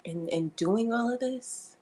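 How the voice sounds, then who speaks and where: A woman's voice: fairly high pitch, measured pace, warm tone. A young woman chatting frankly and animatedly to viewers on a livestream, often repeating herself for emphasis. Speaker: livestream host. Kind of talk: casual livestream chat. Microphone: streaming setup.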